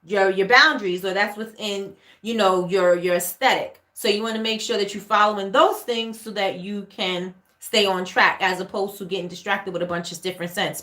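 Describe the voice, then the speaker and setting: Bright-voiced New York woman chatting live. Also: medium pitch, reverberant. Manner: chatty, repeats herself, reads out viewer comments. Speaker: livestream host, candle maker. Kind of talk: casual livestream Q&A. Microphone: webcam or phone livestream.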